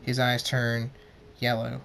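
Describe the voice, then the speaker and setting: A man narrating an amateur story, halting and stumbling over words as he reads. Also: medium pitch, completely flat delivery, vocal fry, fairly bright tone, slight background noise.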